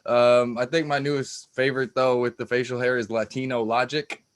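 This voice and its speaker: Male comic, crude and swearing, average pitch, dry mic. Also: little pitch movement, moderate pace, smooth, dry recording. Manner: crude, swearing, laughing at own jokes. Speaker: stand-up comedian. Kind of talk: profane stand-up set. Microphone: cheap lip mic.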